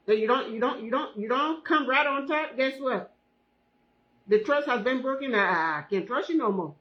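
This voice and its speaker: A woman with a fairly high voice, recorded with the highs cut off, runs a hair braiding business and talks to viewers on a live stream. She's emphatic, repeats her phrases, and often asks "hmm?".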